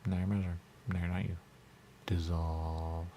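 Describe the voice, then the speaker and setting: A man's voice: sits low, level tone, brisk, long pauses, dark tone, a little hiss or hum. A man hosting a radio talk show, bantering in a rambling, playful way full of repeated wordplay. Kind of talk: loose comedic studio banter. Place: radio studio.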